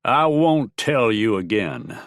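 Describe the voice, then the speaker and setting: A man voicing a stern, scheming army colonel in an audiobook, with a sharp, strident, clipped delivery. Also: on the low side, wildly swooping pitch, dry recording, clean studio sound, full character voice. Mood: cold. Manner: cold, clipped, deliberate. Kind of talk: audiobook character voice.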